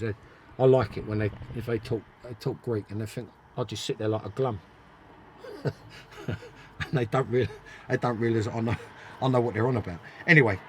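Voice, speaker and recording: A man's voice: medium pitch, a bit bright, slightly rough. Blunt older man telling stories. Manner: blunt, emphatic, repeats himself. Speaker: interview guest, former footballer. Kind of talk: casual storytelling, swearing freely.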